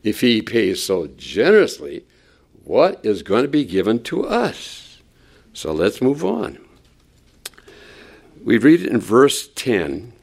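A male preacher delivering a sermon, telling the story with animated flair. His voice is gravelly, and his pitch moves a lot between phrases. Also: slow, pauses often. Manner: animated storytelling, acts out quotes.

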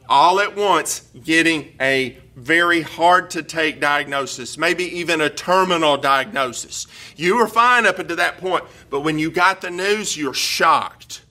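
A middle-aged man preaching a sermon, unhurried, often asking his listeners questions. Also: fairly high pitch, sharp tone. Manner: unhurried, asks the audience questions. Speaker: pastor.

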